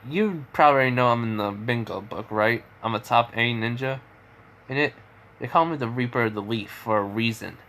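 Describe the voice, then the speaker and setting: A man's voice: medium pitch, fairly quick, a bit bright, natural voice. A man voicing a cocky young male ninja in a retold fan story, boasting casually. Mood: boastful.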